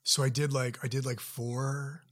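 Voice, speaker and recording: A middle-aged man, an actor and producer, telling stories in a relaxed interview with a deep, soothing voice. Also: measured pace. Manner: relaxed storyteller with many fillers and restarts. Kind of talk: casual interview chat.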